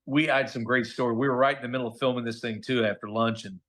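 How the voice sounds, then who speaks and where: A middle-aged man tells stories as a guest on a casual interview show. He keeps up an animated delivery and acts out the voices of the people he quotes. His voice sits at a medium pitch. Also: fast. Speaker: guest voice actor. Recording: podcast audio.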